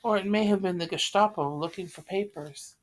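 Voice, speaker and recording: Woman reading a fretful excitable wife. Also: mid-range voice, a little fast, lightly acted. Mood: frantic. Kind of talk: read-aloud play.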